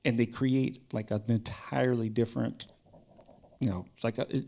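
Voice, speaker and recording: A man's voice: medium pitch, level tone, moderate pace, creaky, mellow. A man hosting a podcast, chatting casually and profanely about hip hop, with loose rambling restarts. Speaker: podcast host. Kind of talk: casual music chat.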